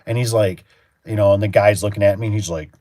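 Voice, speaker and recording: A man's voice: on the low side, steady tone, fast, warm tone, no room sound. A man working as a garage door technician, chatting in a rambling, storytelling way on a casual livestream and acting out his own reactions.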